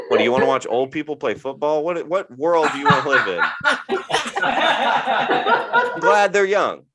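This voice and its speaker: A man of thirty doing a stand-up comedy set, grumbling and exasperated, slipping into mocking voices. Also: medium pitch. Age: 30s. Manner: grumpy, exasperated delivery with mocking character voices. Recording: live show with audience laughter.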